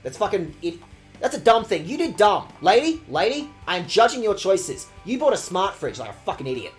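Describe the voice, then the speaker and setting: A man's voice: high-pitched, sing-song, normal speed, soft background music. A man streaming a video game, ranting at the characters with sarcastic, profane commentary. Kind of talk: let's-play commentary.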